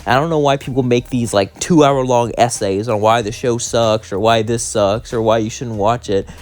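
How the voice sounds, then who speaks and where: A man's voice: medium pitch, fairly even intonation, normal speed, a little mellow. A man hosting his own channel, talking casually and ranting bluntly and emphatically about his opinions. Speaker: channel host. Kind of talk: casual monologue and rant.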